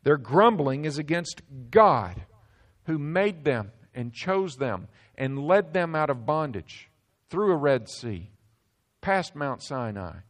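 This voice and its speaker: Pastor, male, slightly raised pitch, preaching with dramatic loud-soft swings. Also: big pitch swings, takes it slowly. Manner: preaching with dramatic swings between loud emphasis and hushed drops. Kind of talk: sermon.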